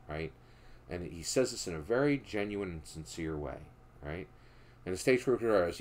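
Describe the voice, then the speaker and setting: Speaking at a moderate pace with an expressive voice, a Philadelphia man tells stories while commenting casually on politics. He's emphatic, closes almost every sentence with a questioning "right?", and drops low and quiet to make moral points.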